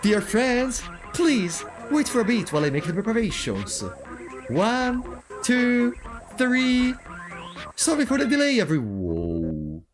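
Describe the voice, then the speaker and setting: A man's voice: extremely high pitch, huge pitch swings, takes it slowly, heavily acted. A man voicing a sadistic game-show host in a taunting, theatrical, mock-cheerful way, with game music behind.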